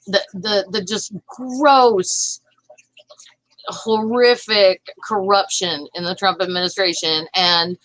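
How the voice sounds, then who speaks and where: A woman's voice: fairly low pitch, fairly bright tone, no echo, low-quality recording. A woman, giving impassioned political commentary in a vlog, indignant and often restarting her sentences. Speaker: vlogger.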